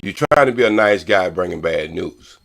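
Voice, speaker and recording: An older man on a podcast panel, arguing loudly and profanely and repeating points for emphasis. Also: low voice, normal speed, gravelly. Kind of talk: heated podcast debate.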